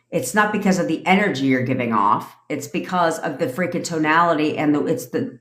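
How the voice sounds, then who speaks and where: A woman in her thirties, a manifestation coach ranting and answering questions on a casual livestream, blunt and profane, laughing often. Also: rumbling low. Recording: echoey room.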